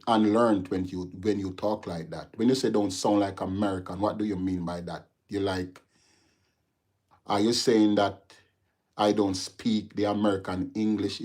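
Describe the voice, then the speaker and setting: Speaking with a Jamaican accent, a livestream host responds to his viewers' comments in a relaxed setting. His voice sits on the low side with a slightly mellow quality, and he addresses the audience directly before turning heated and preachy.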